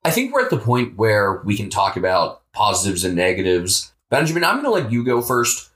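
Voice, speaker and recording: An American man co-hosting a podcast, talking about football in a relaxed, offhand way with the odd swear. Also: fairly low pitch, a little fast. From United States. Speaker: podcast co-host. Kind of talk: casual sports chat.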